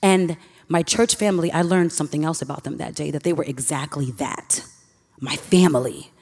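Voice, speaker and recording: A woman's voice: sits low, brisk, darkish tone. A young woman from Queens, New York, telling a personal story on stage in an earnest, emotional way with sighs. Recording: reverberant hall.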